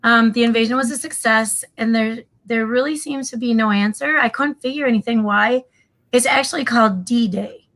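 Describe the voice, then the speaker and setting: A woman's voice: on the high side, normal speed, fairly bright tone, poor audio. A woman co-hosting a casual show, friendly and a little scattered as she checks her notes. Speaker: co-host with news segment.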